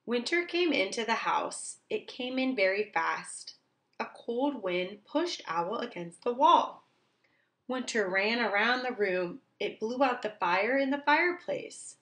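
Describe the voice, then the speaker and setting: A woman's voice: a little high, lively intonation, fairly bright tone. Woman reading a picture book aloud. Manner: slow, clear read-aloud pacing for young children.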